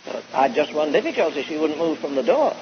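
A male preacher telling an animated, folksy story in a sermon, heard on a dull old recording. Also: a little high, fast talker, slight background noise. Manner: animated, folksy anecdotal delivery.

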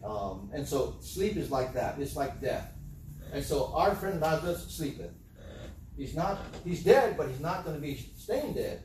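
A man's voice: a little high, sing-song, measured pace, a little mellow, distant mic, slight background noise. A man preaching a sermon in a conversational way, often asking his listeners rhetorical questions. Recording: very echoey room, voice from off-mic.

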